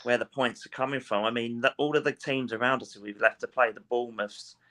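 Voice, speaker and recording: A man, a guest in a casual post-match chat, measured and a little hesitant. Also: medium pitch, fairly even intonation, sharp tone. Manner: measured, agreeable, hesitant restarts.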